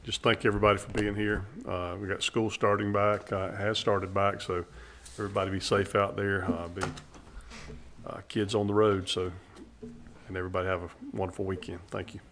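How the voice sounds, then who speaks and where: A councilman with a very low, flat voice offers a few quiet, plain words, with faint clicks and hiss in the background. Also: a little fast. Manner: quiet, brief, plain-spoken.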